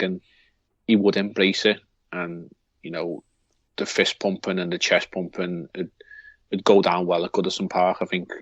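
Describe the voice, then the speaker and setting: A man's voice: low voice, slightly rough, no echo, muffled recording. A man with a Liverpool accent co-hosting a football podcast, talking in a rambling way with many restarts. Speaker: podcast co-host. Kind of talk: casual football chat.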